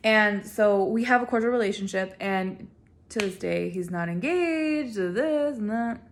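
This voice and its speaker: A woman telling her own story in a casual vlog. She talks in a sassy, animated way and laughs often. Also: mid-range voice, a little slow, slight background noise.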